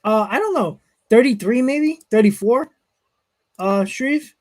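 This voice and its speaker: A man's voice: extremely high pitch, lively intonation, a little slow. A man hosting a live stream, reading chat comments and telling stories in a casual way, often chuckling. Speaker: host.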